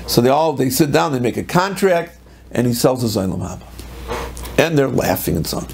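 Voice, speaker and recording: A middle-aged man, a rabbi, giving a Torah lecture and telling a story in a lively way, mixing in Hebrew and Yiddish terms. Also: mid-range voice, brisk, gravelly, a little hiss or hum.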